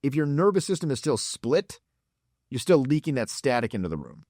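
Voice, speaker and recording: A man's voice: mid-range voice, very animated, fairly quick, darkish tone, no echo, clean studio sound. A man giving blunt, profane dating advice as a coach. He talks in a mocking way and acts out examples in put-on voices.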